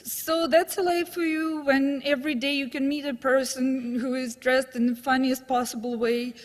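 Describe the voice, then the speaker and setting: Woman, high voice, live storytelling, wry anecdotes, long hall reverb. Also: level tone, moderate pace. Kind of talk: live true-story telling. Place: stage in a hall.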